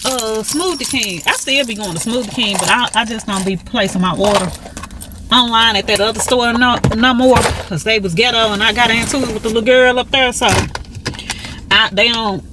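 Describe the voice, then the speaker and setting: Recording a vlog in her car, a chatty, animated woman in her 50s talks casually to viewers, whom she calls "baby." She speaks at normal speed with a fairly high pitch, and background noise can be heard.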